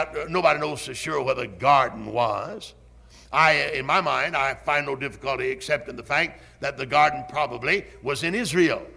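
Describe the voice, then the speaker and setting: An older man preaching a sermon, slow and emphatic, swinging up and down in his delivery. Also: on the high side, creaky, sharp tone.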